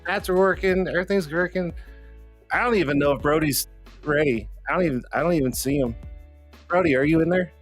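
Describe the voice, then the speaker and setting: A man's voice: fairly high pitch, fairly quick, faint music behind. A man hosting a casual live online show, joking and teasing his guests and laughing often. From Colorado. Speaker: livestream show host.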